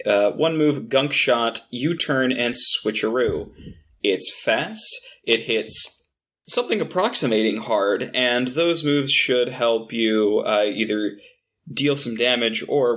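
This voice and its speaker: Man calmly listing details. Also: medium pitch. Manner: matter-of-fact, methodical listing. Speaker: podcast guest. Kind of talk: casual podcast chat.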